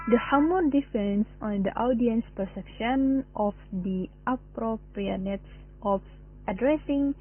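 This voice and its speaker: A young woman with an Indonesian accent reads her class presentation aloud, steady and careful. Her voice is slightly breathy. It comes through thin and narrow, like over a phone line. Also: fairly high pitch. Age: young adult. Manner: careful, read-aloud delivery. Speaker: student presenter.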